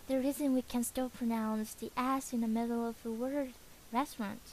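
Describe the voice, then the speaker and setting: A woman from Vietnam with a Vietnamese accent, explaining pronunciation in a casual video tutorial. She pauses often and hesitates, with soft, breathy asides. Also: fairly high pitch, fairly even intonation, a little hiss or hum, low-quality recording.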